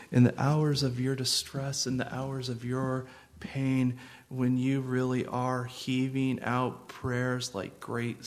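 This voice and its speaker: A man preaching a sermon as pastor, earnest and gentle, with sudden swells of intensity. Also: mid-range voice.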